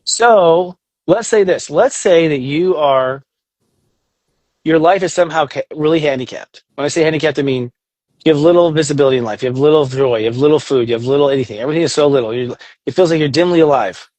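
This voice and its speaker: A man with a fairly high voice talks in an animated, casual way, often slipping into quoted inner voices and the odd swear word. The sound is dry and close, with no room echo. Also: quick pace. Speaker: astrologer guest. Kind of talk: casual podcast chat.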